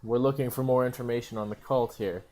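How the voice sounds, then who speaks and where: A man's voice: mid-range voice, steady tone, fast, darkish tone. Casual swearing male player. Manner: swears freely, reactive. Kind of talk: casual game table chat.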